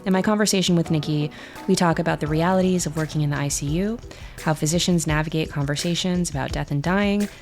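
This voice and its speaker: A woman hosting a podcast reads her introduction in a calm, measured way. Her voice is very low and gravelly with a touch of fry. Soft music plays faintly underneath. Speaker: podcast host.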